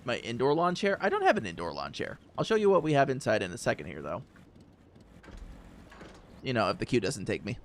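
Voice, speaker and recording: A man's voice: medium pitch, wildly swooping pitch, fairly quick, long pauses, slight background noise. A man chatting casually to his viewers while streaming a game, rambling with fillers and easy laughs. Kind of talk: casual gaming stream chat.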